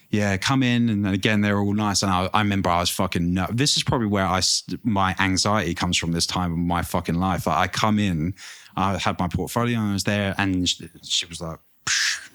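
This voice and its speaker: A very low-voiced man chats as a guest, telling stories in a lively, loose way. He swears freely, and the talk stays casual. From England. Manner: animated storytelling, swears freely. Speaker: tattoo artist guest. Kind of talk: casual interview chat.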